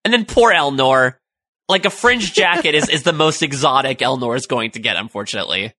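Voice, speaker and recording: A man co-hosting a casual fan discussion podcast, chatty and quick with jokes. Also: medium pitch, expressive, bright, forceful tone, dry recording. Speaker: podcast co-host.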